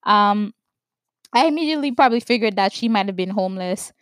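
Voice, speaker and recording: Woman from new york doing commentary, emphatic, slows down to stress stuff, dry close sound. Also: medium pitch, expressive, a bit bright, dry recording. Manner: emphatic, stresses words slowly, checks in with "right?". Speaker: vlogger commenting on news. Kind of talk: opinion commentary to camera.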